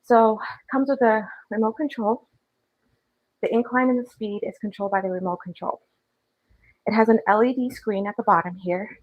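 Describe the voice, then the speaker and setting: On a casual livestream, a woman fitness vlogger walks on her home treadmill, reading and answering chat messages while slightly breathless. She speaks at a moderate pace in a mid-range voice, on a low-quality recording.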